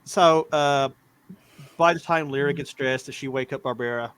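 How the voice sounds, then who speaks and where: A man narrating a tabletop game as game master, halting, with many restarts and fillers. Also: mid-range voice, a bit bright, clear, resonant tone.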